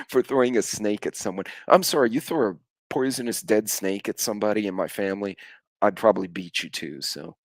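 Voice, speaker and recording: A man's voice: lowish voice, brisk, no room sound. Middle-aged man, rambling chat. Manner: rambling storyteller, swears offhandedly. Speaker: live stream host. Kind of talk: casual chat.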